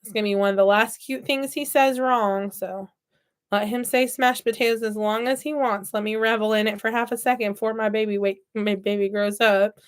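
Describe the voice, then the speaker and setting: A woman's voice: fairly high pitch, steady tone, fairly quick, clear, resonant tone. Chatty woman telling stories while crafting. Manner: chatty, playful storyteller; talks while working with her hands. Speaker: toy repair vlogger. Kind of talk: casual chat while crafting.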